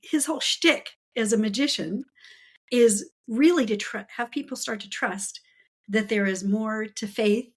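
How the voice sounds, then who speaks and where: A woman's voice: on the high side, a little slow. A woman author as a podcast guest, telling stories with enthusiasm and frequent laughter in casual chat. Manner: enthusiastic storytelling, laughs often.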